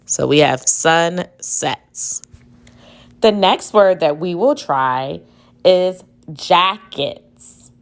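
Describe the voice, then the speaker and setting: A female teacher runs a spelling dictation very slowly and deliberately, in a slightly low, animated voice. She spells each word letter by letter and syllable by syllable.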